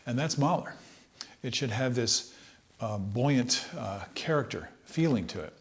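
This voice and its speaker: Relaxed man teaching trumpet. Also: medium pitch, a little slow. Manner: relaxed, thoughtful, sings phrases to demonstrate. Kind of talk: instructional talk.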